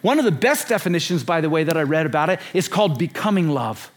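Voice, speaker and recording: A man in his sixties preaches with an emphatic, repetitive delivery and fires rhetorical questions at the crowd. His voice sits fairly high for a man. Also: sing-song, fast. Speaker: conference speaker. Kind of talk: sermon.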